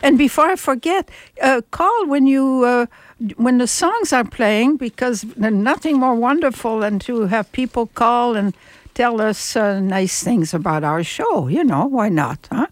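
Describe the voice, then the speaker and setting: A woman's voice: fairly high pitch, expressive, measured pace, no room sound. Older woman radio host, French accent, rambling and chatty, dry studio sound. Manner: chatty, with many fillers and restarts. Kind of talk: casual radio chat.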